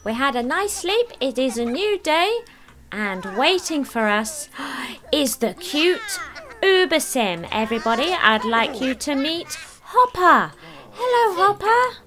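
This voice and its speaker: Excitable female game streamer, high voice that swoops a lot, giggly. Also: slow pace. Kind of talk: let's play commentary.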